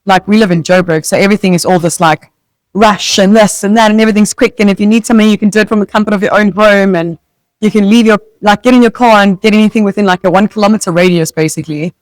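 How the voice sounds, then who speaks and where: A South African woman co-hosts a casual podcast, telling stories in a chatty way full of "like" fillers. Her medium-pitched voice moves fast, and the recording is rough but has no echo.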